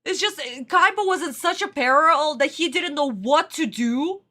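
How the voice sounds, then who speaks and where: A woman hosting a casual reaction video, excitable and dramatic, with frequent exclamations. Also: high-pitched, a little slow.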